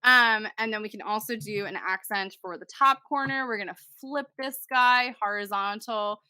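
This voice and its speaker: A young woman hosting a casual software tutorial, chatting to herself as she works and poking fun at her own choices. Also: mid-range voice, moderate pace, smooth, no echo, clean studio sound. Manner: chatty, talks to herself while working, self-deprecating. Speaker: tutorial host.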